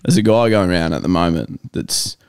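A man telling jokes among friends in a deadpan, unhurried way. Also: sits low, clean tone. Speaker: comedy joke teller.

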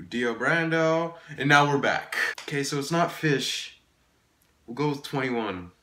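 A man's voice: medium pitch, a little slow, sharp tone, roomy sound. A man giving casual gameplay commentary, exasperated, swearing often and laughing at himself. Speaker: gaming YouTuber.

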